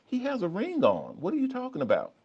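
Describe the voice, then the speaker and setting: A man's voice: sits high, huge pitch swings, fast, husky, voice pushed up, exaggerated voice. A man putting on the voice of a flirty, gossiping woman who gushes with exclamations. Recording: dull lo-fi.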